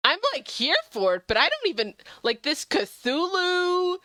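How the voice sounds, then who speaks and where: A young woman streaming a game, chatting with viewers in a bubbly, gushing way, jumping high when excited. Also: a little slow, no room sound. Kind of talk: casual gameplay stream chat.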